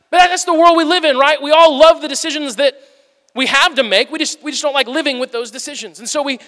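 A man in his thirties preaching a sermon, telling personal stories and acting out the dialogue in them with lively voices. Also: extremely high pitch. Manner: animated storyteller acting out dialogue. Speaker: pastor. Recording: long reverb of a large hall.

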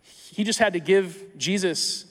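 A tired male pastor preaching a sermon in a conversational, animated way, often acting out imagined dialogues. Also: high voice, slow, big-room sound. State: tired from little sleep.

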